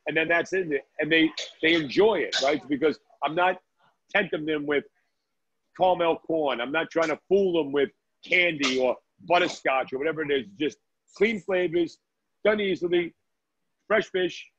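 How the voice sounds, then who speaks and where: A man from Brooklyn, a chef, talking on a video call from his restaurant. His voice sits a little high for a man, and he rambles warmly through stories with plenty of "uh"s and "right?"s. The sound is dry and dull, like lo-fi call audio. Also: normal speed, slightly rough, no room sound. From Brooklyn, New York. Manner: chatty storyteller, many "uh"s and "right?". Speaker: guest chef. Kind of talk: casual video-call chat.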